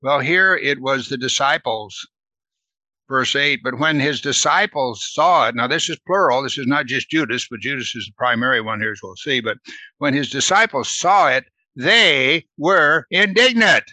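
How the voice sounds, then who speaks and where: A man's voice: mid-range voice, normal speed, sharp tone, no echo. Earnest man teaching a Bible study. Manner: earnest, asks the listeners questions, adds "right?".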